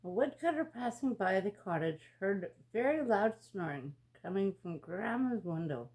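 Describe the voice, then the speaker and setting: A woman reading a fairy tale aloud as a storyteller, in a slow, expressive read-aloud manner. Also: mid-range voice.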